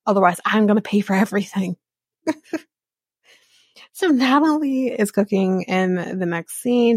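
A woman hosts a casual podcast, gossiping through a reality show recap with plenty of laughter and quick impressions of the cast. Her voice is husky and sits at a middling pitch. The sound is dry and close, with no room around it. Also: dry recording. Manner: gossipy, laughing, mimics the people she recaps. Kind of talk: casual chat.

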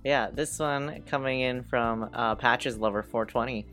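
A woman's voice: a bass voice, fairly even intonation, unhurried, music in the background. A woman reading out listener questions in casual podcast chat, dry and hesitant with many ums.

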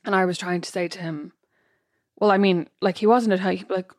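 Fast-talking woman, lowish voice. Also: fairly even intonation, no room sound, studio quality. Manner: quick, chatty, teasing. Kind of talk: casual chat.

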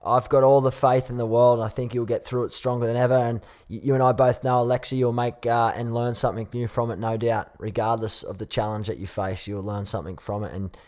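A man's voice: medium pitch, fairly even intonation, fairly quick, hardly any pauses, darkish tone. A man hosting an interview, encouraging and supportive, who often repeats words as he speaks. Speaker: podcast host. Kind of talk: interview talk.

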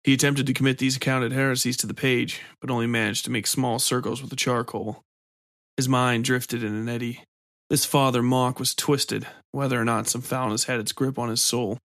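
A male storyteller reading scripted narration in a measured, even manner. His voice sits at a middling pitch and is recorded dry and close, with no room sound. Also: no room sound.

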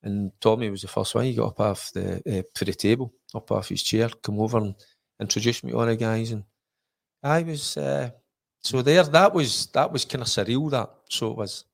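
A man's voice: medium pitch, moderate pace, gravelly. A middle-aged Scottish man, a former footballer, telling stories in casual chat with many restarts and acted-out quotes. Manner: rambling storyteller, frequent restarts, acts out quoted voices.

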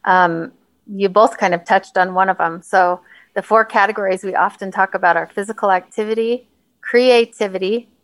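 A woman's voice: mid-range voice, steady tone, normal speed, no room sound. A woman in a mid-range voice talks through stress relief on a casual podcast. She is chatty and laughs easily. The mic is close and the sound is dry, with no room around it. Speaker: podcast co-host, health coach.

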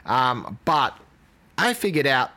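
A man's voice: mid-range voice, very animated, takes it slowly, bright, forceful tone. A man co-hosting a casual podcast chat, laughing often and restarting his sentences. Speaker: co-host.

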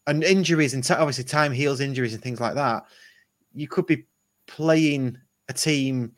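A man's voice: mid-range voice, moderate pace. A man hosting a casual football podcast, rambling and restarting his sentences as he chats. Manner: rambling, restarts often, chuckles. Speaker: podcast host.

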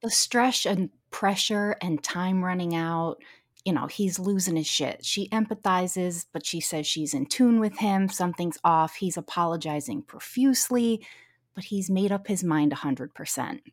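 A woman's voice: lowish voice, measured pace, no echo, clean studio sound. A woman co-hosting a podcast, recapping a show in casual, profane chat with quoted asides. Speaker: podcast co-host.

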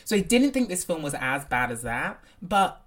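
A woman talks through a film with her co-host. She is animated and opinionated, jumping quickly between points. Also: deep voice. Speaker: podcast co-host. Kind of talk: casual film discussion.

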